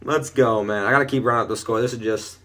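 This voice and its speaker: Bright-voiced young man calling his game plays. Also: medium pitch, fast. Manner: excitable, shouts and laughs at big plays. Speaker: gaming video host. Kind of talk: casual gameplay commentary. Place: bedroom at home.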